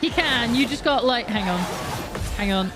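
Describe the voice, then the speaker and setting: A woman's voice: fairly high pitch, lively intonation, moderate pace, a bit bright. A young woman streaming a video game, chatting casually with viewers, swearing and laughing as she plays. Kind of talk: casual live-stream chat while gaming. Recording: music playing behind.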